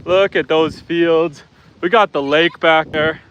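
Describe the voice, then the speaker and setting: A man's voice: on the high side, steady tone, slow pace, a bit bright, slight background noise. A man hosting a casual live stream outdoors on his farm, chatting with viewers and calling to his animals. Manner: chatty, reads viewer comments aloud, calls to animals. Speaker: homesteader live-streaming host.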